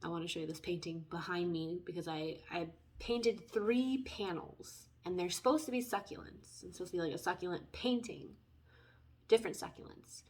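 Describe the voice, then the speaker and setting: A chatty woman reads tarot cards and talks straight to her viewers. She wanders into side stories and apologizes for them. Her voice swings between loud bursts and soft, near-whispered asides. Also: lowish voice, normal speed. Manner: chatty, tangents, lively swings in loudness. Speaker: tarot reader. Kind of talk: casual spoken tarot reading.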